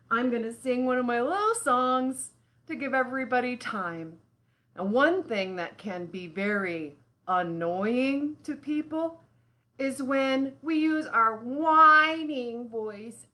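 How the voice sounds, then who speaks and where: A woman hosting a live children's lesson who talks straight to the kids at home. Her voice sits high and bright, and she takes her time, drawing her words out slowly. She talks expressively, with plenty of sighs and exclamations. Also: lively intonation. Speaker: children's show host.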